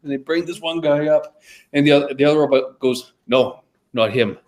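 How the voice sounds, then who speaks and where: A man's voice: on the high side, level tone, a little mellow. A man co-hosting a live show, bantering with jokes and frequent laughter. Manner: jokey, quick to laugh. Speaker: co-host. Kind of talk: casual chat.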